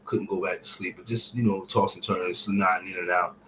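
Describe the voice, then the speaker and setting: A man with a fairly low voice recounts a painful personal story straight to his audience. His speech is casual and peppered with profanity, sinking to near-whispers before rising again. A faint background hiss runs under the recording. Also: steady tone, a little fast, poor audio. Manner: drops to near-whispers and rises to shouts while retelling. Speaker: vlogger sharing a personal story. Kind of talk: emotional personal storytelling to camera.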